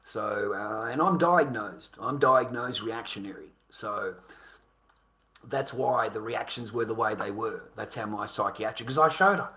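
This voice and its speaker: A man's voice: fairly low pitch, a little slow, bright, forceful tone. An Australian man in his fifties in a rambling, aggrieved monologue to camera, swearing and repeating himself. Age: 50s. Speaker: vlogger.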